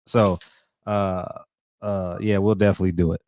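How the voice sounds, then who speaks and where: A man in his forties co-hosting a casual chat, animated and quick to laugh. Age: 40s. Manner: animated, laughs a lot, swings high and low. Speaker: co-host.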